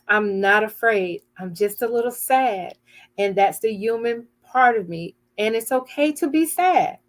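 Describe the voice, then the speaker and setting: An older woman hosting an inspirational broadcast, giving a heartfelt, earnest devotional talk and sometimes searching for words. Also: medium pitch.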